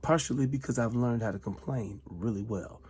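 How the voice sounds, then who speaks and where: A middle-aged former soldier speaks at normal speed in a mid-range voice with a breathy edge. He aims a heated, accusatory monologue at one person, repeating himself and shifting from loud outbursts to hushed asides.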